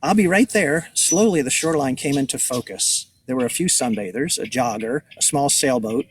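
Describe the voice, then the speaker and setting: A man's voice: medium pitch, normal speed. A man, an author, reading his book aloud to children outdoors, adding casual asides. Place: outdoors among trees by beach. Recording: distant outdoor mic, birdsong noise.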